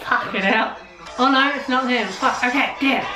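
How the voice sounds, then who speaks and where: A young woman hosting a reaction video, talking back at the screen with lots of swearing and excited outbursts. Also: fairly high pitch, moderate pace, music in the background. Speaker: reaction channel host. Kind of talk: casual reaction commentary. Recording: roomy echo, TV sound under. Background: show audio playing from the TV.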